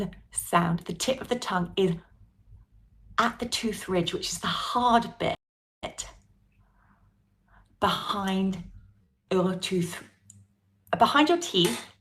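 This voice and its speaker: A woman with a British English accent teaching a pronunciation class, coaxing her students and drilling sounds with careful repetition. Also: mid-range voice. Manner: lively, coaxing, drills sounds slowly and repeats them. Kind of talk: live online pronunciation lesson.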